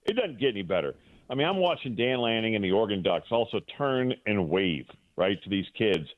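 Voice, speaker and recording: A man's voice: on the low side, sing-song, a little fast, dry recording. A middle-aged man, a guest sports broadcaster, telling an emotional story in a rambling way, full of fillers and restarts, on a call into a show. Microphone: phone. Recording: dry, tinny phone line.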